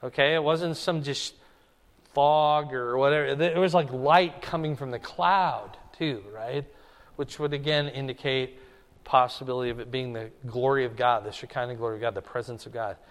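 A man's voice: medium pitch, moderate pace. Guy pastor explaining scripture, casual asides, punchy emphasis, long reverb behind him. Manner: conversational, emphatic, rising for stress. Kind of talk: expository Bible teaching sermon.

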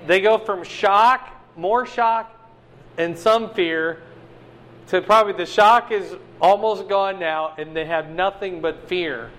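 A man giving a conversational sermon, teaching a Bible passage with animated swings between loud emphasis and quiet asides. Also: sits high, takes it slowly.

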